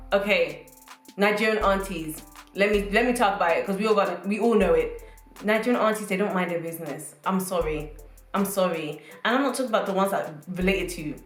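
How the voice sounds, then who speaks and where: A British woman in her late twenties telling jokes and stories to the camera in an animated, playful way and talking straight to her viewers. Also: medium pitch. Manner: animated, joking, addresses viewers as guys. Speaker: vlogger. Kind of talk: casual comedic monologue to camera. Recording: roomy echo, faint music.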